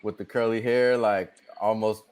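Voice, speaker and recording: Smooth-voiced man chatting on a podcast. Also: on the low side, flat delivery, moderate pace, darkish tone. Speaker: podcast co-host. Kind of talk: casual podcast chat.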